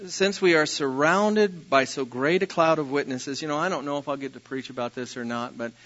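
A man preaching a sermon as pastor, telling personal stories with a self-deprecating manner and occasional loud bursts. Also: a little high, fairly quick, highs cut off.

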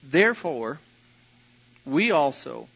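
Pastor, male, sermon delivery, bright forceful tone, lo-fi recording. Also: fairly high pitch, very animated, takes it slowly, gravelly, husky. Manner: storytelling, self-deprecating, rises to loud bursts.

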